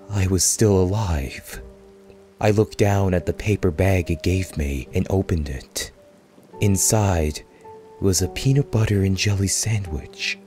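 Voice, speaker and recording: Slow, deep-voiced male horror narrator. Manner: slow, measured, hushed storytelling. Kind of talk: scripted horror story reading.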